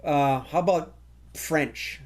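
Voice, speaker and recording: A man's voice: fairly high pitch, slow. A man hosting a live online improv comedy show, joking and laughing as he runs the games. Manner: lively, laughing, joking emcee. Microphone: video call.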